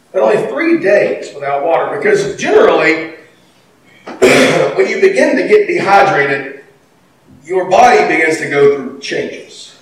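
A man's voice: sits high, slight background noise. Guy preaching in a big echoey church, kinda far off the mic, chatty then punchy. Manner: conversational preaching, rises to emphatic bursts. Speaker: pastor. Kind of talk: sermon. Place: church sanctuary. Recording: echoey hall from far off, faint ambience.

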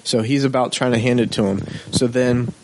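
A man's voice: mid-range voice, a little fast, slight background noise. A man telling a rowdy bar story in casual chat, acting out voices, with lots of swearing. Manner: animated, profane, acts out quotes.

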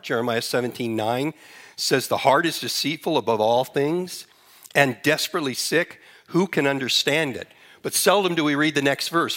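A man preaching from the pulpit, steady mid-range voice with earnest emphasis. He reads scripture and breaks it down verse by verse for his congregation. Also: mid-range voice. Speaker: pastor. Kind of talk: sermon.

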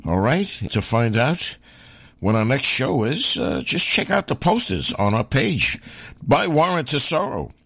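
A man's voice: mid-range voice, sing-song, unhurried, vocal fry, fairly bright tone, husky, dry recording. A man hosting a radio show, chatting in a rambling, jokey way. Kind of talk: casual radio chat.

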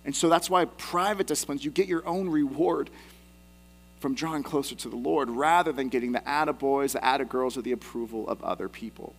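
A man's voice: mid-range voice, a little fast, vocal fry. Conversational man preaching a sermon. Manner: conversational, self-deprecating with asides. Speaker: pastor.

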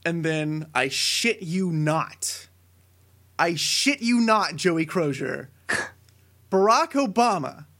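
A young man co-hosting a casual podcast, telling a long story with many fillers that builds to excited shouting. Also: fairly high pitch, takes it slowly. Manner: rambling tall tale, building to excited shouting. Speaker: podcast co-host.

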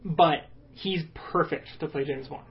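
A man co-hosting a podcast in casual, joking banter, animated and swearing now and then. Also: on the high side, unhurried, muffled recording. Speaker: podcast co-host. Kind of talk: casual chat.

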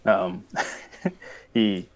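Young male co-host, low-pitched, rambling and animated. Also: very slow, dull audio. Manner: rambling, animated, acts out quoted lines. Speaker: podcast co-host. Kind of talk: casual chat recapping a cartoon.

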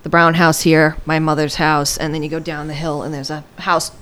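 A woman's voice: low voice, flat delivery, normal speed, a bit bright, smooth. A woman co-hosting a podcast, chatting casually and telling a story in a teasing, talkative way. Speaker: podcast co-host. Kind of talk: casual chat.

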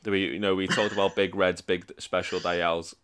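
Man, lowish voice, podcast co-host, sweary teasing banter. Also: flat delivery, brisk, crowd noise. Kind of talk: casual chat.

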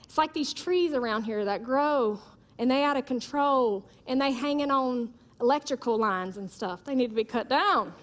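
High-voiced woman preaching emphatically. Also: moderate pace. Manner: emphatic, repeats declarations, storytelling with humor. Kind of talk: sermon.

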